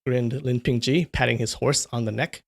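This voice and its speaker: A man reading a novel aloud on a livestream, breaking off for relaxed chat with viewers' comments. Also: medium pitch, moderate pace, vocal fry. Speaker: livestream storyteller.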